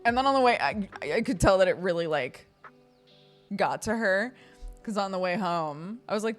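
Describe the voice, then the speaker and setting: A woman's voice: mid-range voice, animated, moderate pace, soft background music. An American woman in her thirties, a streamer chatting casually and telling stories with lots of laughter, acting out the voices of people she quotes. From United States. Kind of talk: casual chat.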